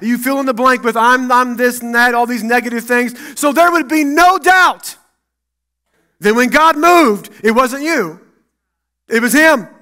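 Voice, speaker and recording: A man preaching a sermon as pastor in a church, acting out Bible dialogue and swinging between loud and hushed. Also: extremely high pitch.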